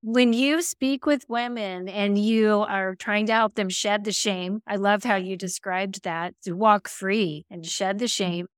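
Older lady podcast host, gushy and emotional, smooth clear voice. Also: mid-range voice, steady tone, measured pace, hardly any pauses, dry recording, clean studio sound. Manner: warm, effusive, emotional. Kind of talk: faith podcast interview.

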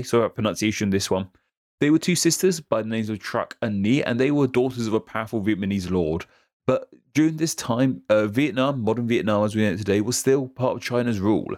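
A man co-hosting a history podcast, explaining things quickly and rambling a little. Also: fairly low pitch, a little mellow, dry recording, studio quality. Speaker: podcast co-host. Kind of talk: casual history podcast chat.

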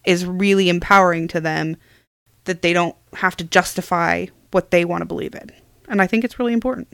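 A woman co-hosting a casual conversation, chatty and animated, laughing often as she talks. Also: lowish voice, a little fast, vocal fry, clear, resonant tone, dry recording, studio quality. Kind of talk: casual chat.

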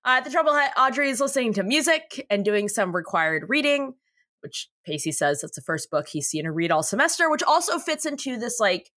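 A woman's voice: medium pitch, sing-song, fairly quick, a bit bright, no echo, studio quality. A woman co-hosting a podcast, recapping an episode in a chatty, profane way and laughing often. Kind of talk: casual chat.

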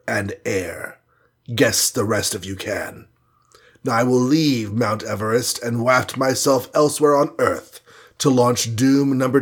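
A man's voice: medium pitch, slightly rough. A man reading a storybook and voicing a scheming alien villain from the future, condescending and bland, sprinkling in foreign words. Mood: menacing. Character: sneering scheming male alien time-traveler villain.

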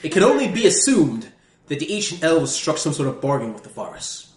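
Here the dungeon master's voice sits on the high side, very animated and brisk, as he plays a haughty scholar reading a fantasy guidebook aloud. The fake British accent and mock-grand, theatrical manner give it a grandiose feel. The sound comes from a lone USB mic at the center of the table in an echoey room.

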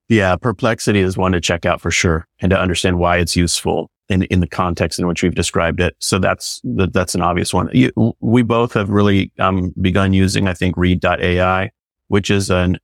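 Recorded in clean studio quality with no echo, this low-pitched man is a business consultant and coach on a casual podcast. His enthusiasm spills into loose rambling, packed with fillers such as "you know."

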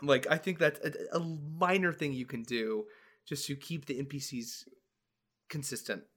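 A young man co-hosting a casual podcast chat, animated and laughing as he drops into silly character voices. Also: on the high side, a little slow. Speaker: podcast co-host, dungeon master.

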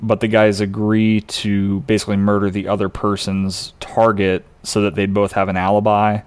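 A man co-hosting a podcast, casually recapping a TV episode in a relaxed, explanatory way. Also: fairly low pitch, normal speed, clear, resonant tone. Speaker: podcast co-host.

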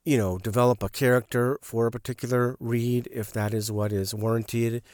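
A man with a hoarse, sick-sounding voice, chatting casually in a rambling solo monologue with many fillers. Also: mid-range voice, fairly even intonation, normal speed, darkish tone, no room sound, studio quality. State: hoarse from a cold. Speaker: podcast host and voiceover artist.

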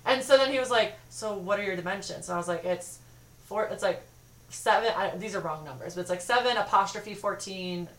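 A woman's voice: mid-range voice, brisk, echoey room. A woman co-hosting a chat show, telling stories with lots of laughter and teasing. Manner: giggly, teasing storyteller. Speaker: podcast co-host. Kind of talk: casual chat.

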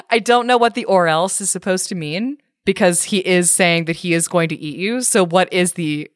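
A woman's voice: on the low side, moderate pace, no echo, studio quality. A woman co-hosting a casual chat, reading a storybook parody aloud with wry amusement and frequent laughter. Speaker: podcast co-host reading a story.

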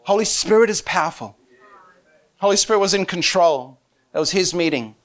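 A man preaching a lively sermon, telling stories with frequent laughter and acting out the voices of the people in them. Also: sits high, moderate pace. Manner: animated, laughing often, acts out quoted voices.

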